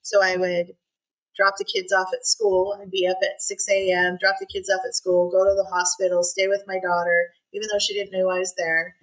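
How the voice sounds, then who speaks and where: A middle-aged woman telling a personal story as a podcast guest. She speaks earnestly and haltingly, with many fillers and restarts. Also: fairly low pitch, level tone, fairly bright tone, poor audio.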